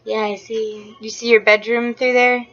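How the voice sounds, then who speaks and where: Chatty, bright-voiced young woman vlogger. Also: fairly high pitch, normal speed. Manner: chatty, filler-heavy, jumps between topics; gets excitable and giggly. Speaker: vlogger and mother. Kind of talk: casual vlog chat. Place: at home and in her backyard. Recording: slightly dull home-video sound.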